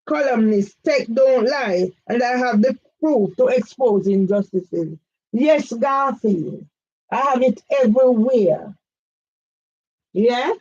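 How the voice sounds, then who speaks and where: A woman's voice: fairly high pitch, animated, slow, a little mellow, breathy edge, muffled recording. A woman, giving an emphatic direct-address complaint, firing pointed questions at one man by name. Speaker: campaigner vlogger.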